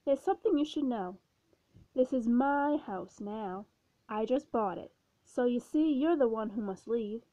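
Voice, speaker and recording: A woman voicing a calm, cheerful male panther who stays polite and unbothered. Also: on the high side, measured pace, no echo. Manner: unflappable and polite. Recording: dull, dry recording.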